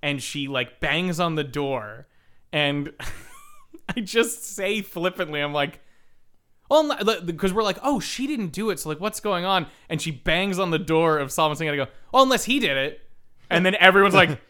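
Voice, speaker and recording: A man with a bright, forceful voice and a crisp, clear tone, sitting somewhat high for a man. He co-hosts a casual podcast and recaps a horror film, swearing freely and jumping into voices for the characters. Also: moderate pace. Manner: swearing, animated, acts out characters. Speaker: podcast co-host. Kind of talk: casual movie recap chat.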